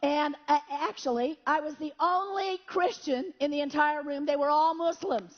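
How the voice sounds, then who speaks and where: High-voiced woman preacher telling a story. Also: normal speed, dull audio. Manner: animated storyteller with sound effects and prayer. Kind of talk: storytelling sermon testimony.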